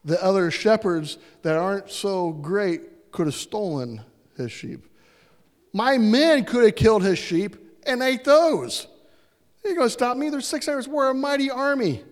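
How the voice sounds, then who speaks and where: A man voices a confident young warrior king who talks in a casual, slangy manner. The speech is unhurried, and the voice echoes through a large hall. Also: high-pitched, lively intonation, a little mellow, pitched above the performer's own voice. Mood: rallying.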